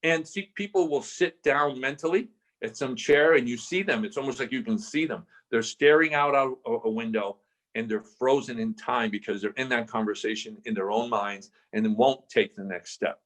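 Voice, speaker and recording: A man's voice: mid-range voice, moderate pace, fairly bright tone. An older man guest from Southern California telling a story in a podcast interview, acting out the voices he quotes and restarting his phrases often.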